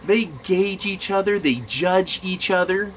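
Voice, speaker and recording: A man's voice: sits high, unhurried, a little hiss or hum, low-quality recording. A man in management ranting crudely and mockingly in a profane monologue. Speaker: commentator.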